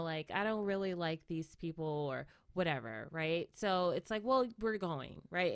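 Woman kinda low voice, rambly storytime, says like and right constantly, dry close sound. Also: smooth, no room sound. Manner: rambling, many "like" and "right?" tag questions; reflective, laughs often. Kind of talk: casual personal storytelling.

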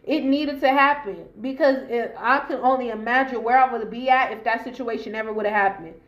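A woman's voice: on the high side, brisk, reverberant, muffled recording. Emphatic slangy woman podcaster. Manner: emphatic, repetitive, slangy and profane. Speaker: podcast host. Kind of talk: casual motivational monologue.

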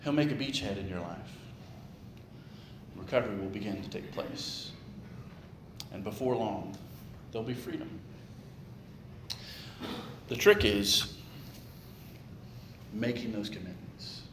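A man's voice: lowish voice, expressive, slow pace, pauses often. A male pastor giving a conversational sermon, tossing in jokes and rhetorical questions. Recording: echoey room with clear background noise.

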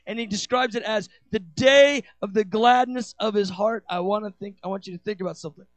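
High-voiced impassioned male preacher. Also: brisk, no echo. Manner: impassioned, acts out quoted dialogue with big swings in pitch and loudness. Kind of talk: sermon.

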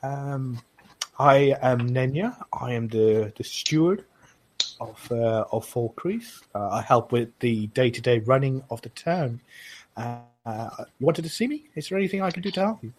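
A man voicing a tall, refined female high elf steward who speaks with a thick Nord accent. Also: measured pace, a little hiss or hum, close to an everyday voice. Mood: welcoming.

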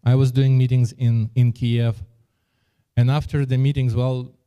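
A man's voice: mid-range voice, little pitch movement, unhurried, dark tone, smooth. A man preaching a sermon and telling a personal story, speaking earnestly and often repeating words as he restarts his phrases.

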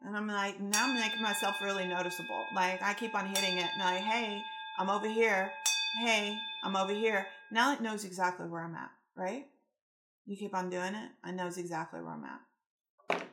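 A woman giving a casual spiritual-coaching talk, animated and rambling, acting out the quotes in her stories. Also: medium pitch, a little fast, heavy background noise.

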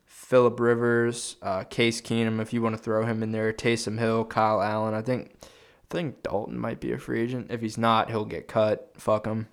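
Another young sports podcast co-host talks in a lowish, level voice at a normal speed, with a creaky but clear and resonant tone. He chats casually, rambling and swearing while thinking out loud.

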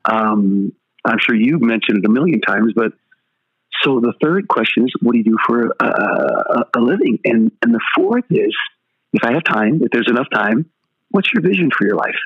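A man's voice: medium pitch, animated, normal speed, phone-quality sound. An older man, a pastor, telling stories as an interview guest and animatedly acting out the dialogue.

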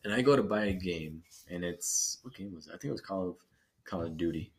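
A man in his thirties telling a story in casual chat, animated and laughing often. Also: deep voice, a little fast, vocal fry, background noise. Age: 30s. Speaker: podcast co-host.

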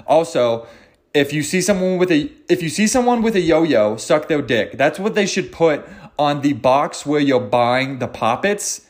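Hosting his own podcast, a man with a slightly high, animated voice speaks a little slowly in an unscripted solo ramble full of jokes, cursing and jabs at himself.

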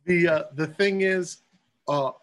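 A man's voice: sits high, slow pace, rough recording. A man, a guest in a casual chat, telling stories and acting out the voices of people in them. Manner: excitable storyteller, acts out quotes. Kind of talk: casual storytelling.

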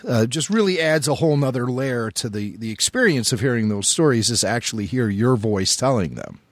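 A man's voice: mid-range voice, expressive, brisk, dry recording. A man hosting a casual podcast interview, enthusiastic and playful with his guest. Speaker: podcast host.

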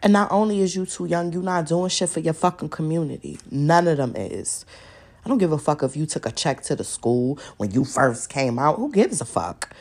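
A young woman with a gravelly, husky voice pitched a little low, ranting alone on her podcast. She curses freely, takes on her targets head-on and hammers her points by saying them twice. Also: lively intonation, normal speed, a little mellow. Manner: profane, confrontational, repeats lines for emphasis. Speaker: podcast host. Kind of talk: solo podcast rant.

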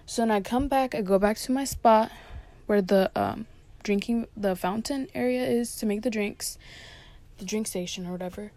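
A young woman in a casual storytelling vlog, talking at an ordinary middle pitch. She rambles through a story about her fast-food shift, scattering "like" and quoting her coworkers. The delivery is chatty and unscripted. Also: dark tone. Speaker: fast-food worker telling a work story.

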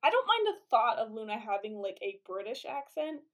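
A young adult woman co-hosting a podcast in casual chat, talking in a chatty, animated way and laughing as she talks. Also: fairly high pitch, brisk. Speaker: podcast co-host.

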